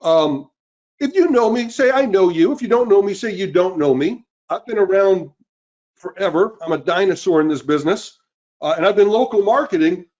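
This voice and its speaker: Upbeat fifties male webinar host, high voice, dull lo-fi audio. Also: lively intonation, fairly quick, darkish tone. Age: 50s. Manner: upbeat, greets listeners by name. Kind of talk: live webinar sales pitch. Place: cold indoor room.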